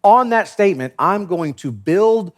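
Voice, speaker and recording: Brief: a male pastor delivering a sermon, jokey, acts out the quotes, high and highly expressive. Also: unhurried. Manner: animated storyteller acting out quotes, joking.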